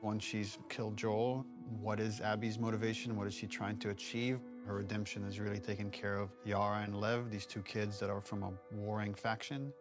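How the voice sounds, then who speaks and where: A game director in a behind-the-scenes interview, explaining design choices in a measured way. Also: male voice, on the low side, level tone, over music.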